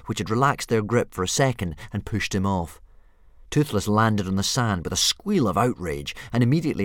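A man reading a children's storybook aloud in an expressive, playful way. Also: on the low side, no echo, studio quality. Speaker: audiobook reader. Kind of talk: storybook narration.

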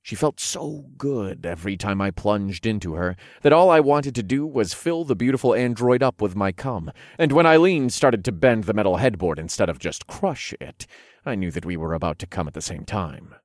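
A man narrating an erotic story in the first person, in a low, hushed, unhurried way, recorded close and dry. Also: animated, no room sound.

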